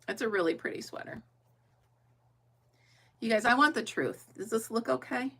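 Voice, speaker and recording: Woman, middle-aged, slightly high voice, casual, laughing, thinking aloud while crafting. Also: animated, normal speed, creaky, bright, forceful tone, slightly rough. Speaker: crafting livestream host.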